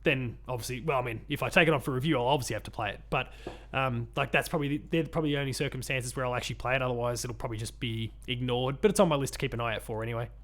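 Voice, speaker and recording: An Australian man co-hosts a casual chat podcast, rambling with plenty of ums and restarts and laughing often. His mid-range, somewhat bright voice races along.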